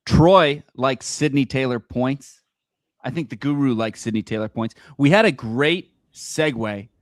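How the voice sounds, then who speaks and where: A man's voice: medium pitch, measured pace, no echo, clean studio sound. A man hosting a casual betting stream, easygoing and steering the segments. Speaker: stream host. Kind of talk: casual betting show chat.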